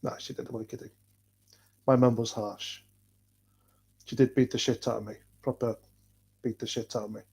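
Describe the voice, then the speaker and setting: Man, North Welsh accent, livestream chat, blunt, sweary, rambling, mid-pitched. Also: flat delivery, normal speed, gravelly, long pauses, a little mellow, breathy edge. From North Wales. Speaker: livestream host reading chat.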